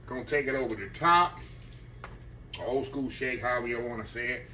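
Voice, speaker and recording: A man talks his viewers through a home-cooked meal, folksy and chatty and never far from a "y'all". His voice sits at an everyday middle pitch. A steady hiss of background noise runs under the kitchen recording. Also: normal speed. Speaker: cooking channel host. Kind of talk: casual cooking demonstration.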